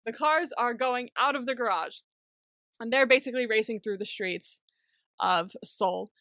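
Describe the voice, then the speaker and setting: A woman's voice: fairly high pitch, moderate pace, a bit bright, dry recording. A woman co-hosting a podcast, recapping an episode in casual chat, laughing often and acting out the characters' lines with plenty of swearing. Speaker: podcast co-host.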